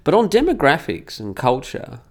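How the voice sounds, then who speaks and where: A middle-aged Australian commentator reads comments in a casual monologue, indignant and emphatic, repeating words for effect. His voice is on the high side, with wildly swooping pitch and a moderate pace.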